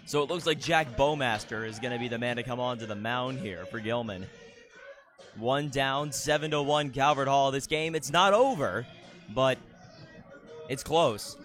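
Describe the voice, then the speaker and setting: A male play-by-play announcer calls a baseball game in a steady, mid-pitched voice. He keeps the action moving and trades dry, teasing remarks with his co-commentator between pitches. Faint music sits low underneath. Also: moderate pace.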